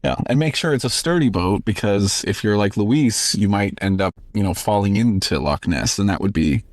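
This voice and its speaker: A young man co-hosting a comedy podcast, deadpan and playing along with the joke. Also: lowish voice, moderate pace, dry recording. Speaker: podcast co-host. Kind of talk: comedic storytelling chat.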